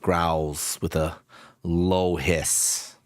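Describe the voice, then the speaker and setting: A man narrating as game master of a tabletop game, unhurried and descriptive, with frequent ums. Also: sits low, level tone, dry recording, studio quality.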